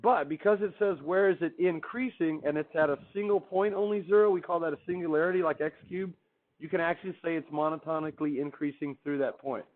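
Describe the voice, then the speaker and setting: Chatty math teacher, tinny sound. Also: male voice, a little high, fast. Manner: chatty, asks the class questions and answers himself. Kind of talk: classroom lecture. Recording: tinny, phone-like recording.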